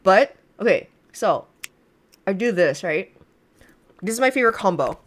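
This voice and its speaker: Animated young woman co-host. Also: mid-range voice, moderate pace. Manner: animated, playful, gushes about products. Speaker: podcast co-host. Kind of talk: casual livestream chat.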